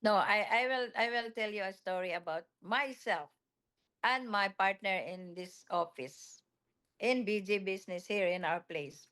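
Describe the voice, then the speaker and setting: Halting, reassuring woman on a video call. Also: medium pitch, fairly bright tone. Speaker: local office leader answering questions. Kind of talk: casual explanation on a call. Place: small office kitchen.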